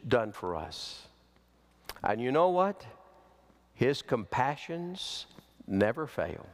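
A man preaching a sermon as pastor, slow and emphatic, with big swings in pitch. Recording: long hall reverb.

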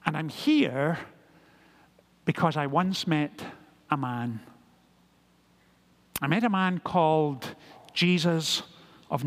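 A man voicing a gentle, persuasive male apostle telling his own story in a prison cell. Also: a little high, full character voice.

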